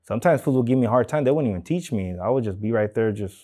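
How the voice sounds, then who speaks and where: Laid-back LA man, dark voice. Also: medium pitch, animated, very fast. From Los Angeles. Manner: loose street slang, many "like" and "man" fillers. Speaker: tattoo artist, interviewee. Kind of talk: casual interview.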